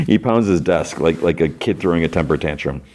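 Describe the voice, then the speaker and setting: Deep-voiced man recapping a show. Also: lively intonation, darkish tone. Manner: retells scenes with quick voice shifts for characters. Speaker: podcast host. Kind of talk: casual plot recap with acted quotes.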